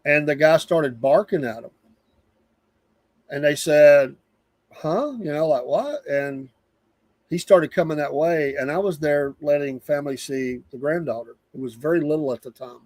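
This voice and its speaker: A man's voice: on the high side, moderate pace, no room sound. Rambling Southern man venting on a live show. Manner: rambling, animated, repeats himself for emphasis. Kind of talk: casual monologue venting.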